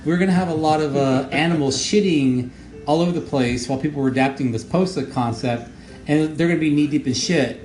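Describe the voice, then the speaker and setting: A man who made the show gives casual audio commentary, rambling and halting with many fillers and repeated words. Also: a little high, darkish tone. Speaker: show creator giving commentary. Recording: echoey room with faint noise.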